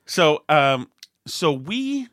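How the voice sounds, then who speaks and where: A middle-aged man telling a rambling, self-mocking story in a casual chat, often restarting and acting out angry shouts. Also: fairly high pitch, sing-song, drawn-out words, no echo, studio quality. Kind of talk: casual anecdote.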